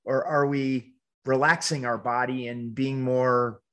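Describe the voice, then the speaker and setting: A man hosting a casual podcast conversation, his voice at an ordinary middle pitch. He talks reflectively and feels his way through his thoughts, often restarting his sentences. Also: fairly even intonation, unhurried, a bit bright. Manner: reflective, hesitant, many restarts and backchannels.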